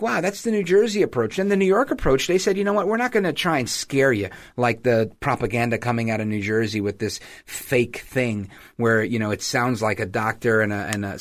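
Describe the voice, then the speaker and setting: Man, podcast host, political commentary, animated, mocking ad impressions, mid pitch.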